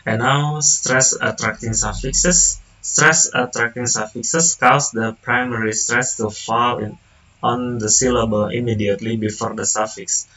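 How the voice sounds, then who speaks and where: A young man, a student whose first language is Indonesian, reading a class presentation haltingly, with restarts and self-corrections. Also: mid-range voice, steady tone, sharp tone, distant mic, rough recording. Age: young adult.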